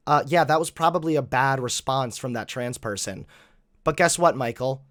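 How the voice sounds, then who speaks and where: A man hosting reaction commentary, animated, mocking and profane. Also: medium pitch, moderate pace. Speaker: host.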